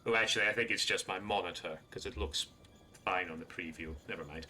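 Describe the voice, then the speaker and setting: A man's voice: deep voice, a little fast, sharp tone. A man streaming a video game live, chatting casually and joking with viewers. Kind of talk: live gameplay commentary.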